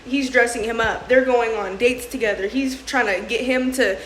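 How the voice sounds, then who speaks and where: A young woman vlogger talks casually to her audience in a fairly high, steady voice at normal speed, emotional and laughing through tears. She's slangy, often saying "bro" and "sis." The echoey room has faint ambience and a little hiss or hum.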